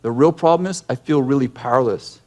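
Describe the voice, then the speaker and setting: A man's voice: mid-range voice, fairly quick. A man leading a conversational sermon, a direct and emphatic teacher who acts out scenes from his stories and often restarts his sentences. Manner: animated storyteller who acts out yelling scenes. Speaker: ministry leader and teacher.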